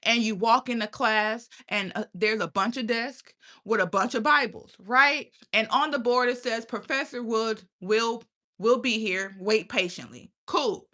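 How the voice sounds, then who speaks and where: A woman's voice: a little high, measured pace, pushed and bright. A young adult woman hosting her own channel, ranting in a blunt, profane, preachy way and firing questions at her viewers. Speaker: channel host. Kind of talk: casual livestream rant.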